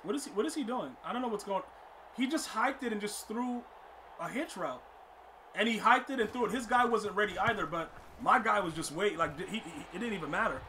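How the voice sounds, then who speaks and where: A high-pitched man with a very bright, sharp voice calls his football video game live for his stream. He grumbles, questions his chat and swings into exasperated shouts. A faint hum of noise sits under his voice. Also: animated, fairly quick. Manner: exasperated, talks to chat, frequent outbursts. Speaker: gaming streamer. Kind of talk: live gameplay commentary.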